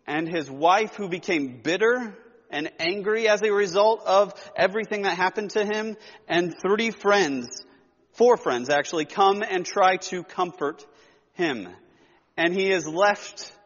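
A man's voice: sits high, fairly bright tone. A man giving an earnest Bible teaching sermon, telling the story plainly and leaning into emphasis when he paraphrases. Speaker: preacher. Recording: dull lo-fi sound with long hall reverb.

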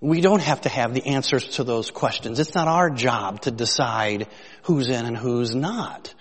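A man's voice: mid-range voice, a little slow, husky. Man preaching in an echoing hall. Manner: conversational preaching, rising emphasis on questions. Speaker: pastor. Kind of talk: sermon. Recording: long reverb of a hall.

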